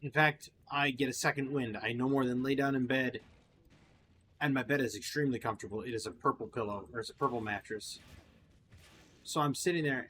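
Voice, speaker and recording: A man's voice: mid-range voice, a bit bright, a little hiss or hum. A tired man commentating casually on his gameplay, rambling with fillers and restarts. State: tired, yawning. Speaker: gaming channel host.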